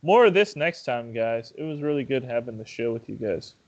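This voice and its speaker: A young man and podcast host in casual chat, telling stories with swearing and laughter and jumping up in pitch when he acts out his fright. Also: animated, a little fast, muffled recording.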